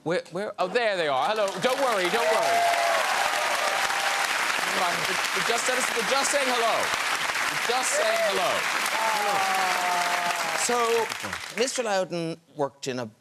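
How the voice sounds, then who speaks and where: A man with an Irish accent hosting a chat show, asking guests teasing, animated questions. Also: sits high, unhurried, long pauses, a loud crowd, very noisy. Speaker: talk show host. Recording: studio with audience laughter.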